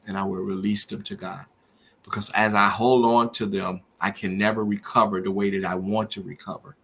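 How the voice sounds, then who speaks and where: A man's voice: fairly low pitch, a bit bright, slight background noise. A middle-aged man hosting a podcast, talking earnestly and preacherly about grief and faith. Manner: earnest, preacherly, rising with feeling. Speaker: podcast host. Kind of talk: emotional personal monologue.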